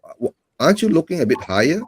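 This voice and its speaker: A man's voice: on the high side, very animated, fast talker, husky, no room sound. A man hosting a podcast, asking football questions and ending with "right?". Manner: asks questions, tags "right?". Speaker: podcast host. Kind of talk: casual interview questions.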